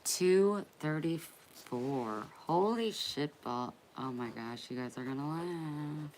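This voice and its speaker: A woman hosting a casual live stream, chatty and playful, easily excited. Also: rumbling low, slow pace, a little hiss or hum.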